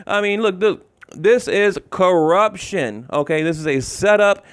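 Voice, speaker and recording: A man's voice: sits high, a little slow, clean tone, no room sound. A man giving heated, exasperated commentary on boxing, repeating himself and swearing as he rants. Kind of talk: ranting commentary.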